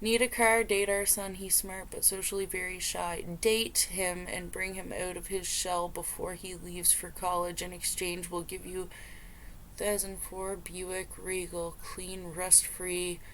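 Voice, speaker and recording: A woman's voice: fairly low pitch, flat delivery, measured pace, a bit bright, a little hiss or hum. A woman vlogger reading online posts aloud and reacting in disbelief. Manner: incredulous, exasperated reactions. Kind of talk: casual reaction commentary.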